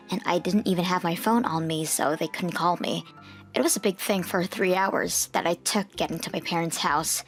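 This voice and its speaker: Young woman narrating a manga dub. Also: fairly low pitch.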